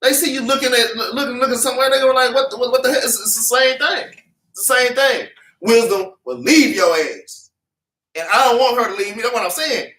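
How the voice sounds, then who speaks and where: A man leads a Bible class in a meeting room full of congregants, preaching in fervent, repetitive street talk while scripture is read back to him. His voice is extremely high, brisk, bright and forceful, with lively intonation. The room echoes and the mic sits at a distance.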